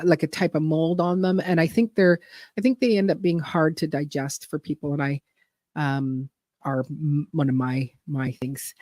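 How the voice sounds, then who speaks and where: A woman's voice: low voice, darkish tone, no echo. Chatty woman, dry close sound. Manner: rambling, chatty, reads viewer comments aloud. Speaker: gardening channel host. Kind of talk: casual livestream chat.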